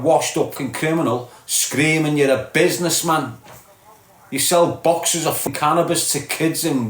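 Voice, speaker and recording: A middle-aged man with a Liverpool accent, ranting bluntly and mockingly at viewers on a live stream, tagging his lines with "lad" and "mate". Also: fairly high pitch. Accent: Liverpool (Scouse). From Liverpool, England. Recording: roomy echo.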